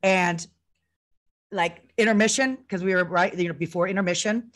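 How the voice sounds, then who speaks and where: A woman co-hosting a casual chat, excitable and acting out what people said. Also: fairly low pitch, normal speed. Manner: chatty, excitable, acts out quotes. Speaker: co-host.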